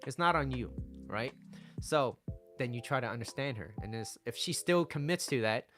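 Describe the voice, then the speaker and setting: Brief: male dating-advice host, mid-pitched, blunt and emphatic, faint music underneath. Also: animated, moderate pace, fairly bright tone. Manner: blunt, emphatic, tags lines with "right?" and "okay?". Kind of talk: direct-to-camera advice monologue.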